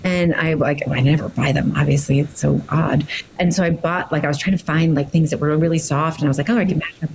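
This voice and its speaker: A woman's voice: low voice, fairly even intonation, a little fast, creaky, background noise. A woman hosting a podcast interview, asking upbeat questions and giggling often. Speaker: podcast host. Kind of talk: casual interview chat.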